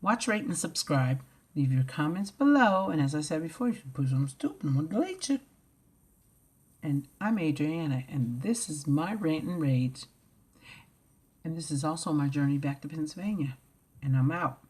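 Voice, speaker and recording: A woman vlogger ranting to camera, blunt and profane, swinging from loud outbursts to low mutters. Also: animated, normal speed, breathy edge. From United States.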